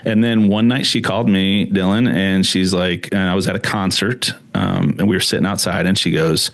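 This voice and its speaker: A man with a deep, low voice, telling a story as a podcast guest. His talk is casual and rambling, full of fillers and restarts. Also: fairly even intonation, moderate pace, gravelly, hardly any pauses. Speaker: guest, screen print shop owner.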